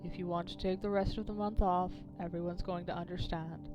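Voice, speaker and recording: A woman voicing a gentle father who comforts his grieving child softly and slowly. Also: fairly low pitch, flat delivery, lo-fi sound, over music, close to an everyday voice. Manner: slow, soft, gentle.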